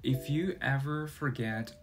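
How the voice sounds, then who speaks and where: Slow-speaking teacher, man. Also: mid-range voice, very noisy. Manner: slow, deliberate explaining with sung tone demonstrations. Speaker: Chinese teacher. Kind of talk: scripted podcast lesson. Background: guitar music.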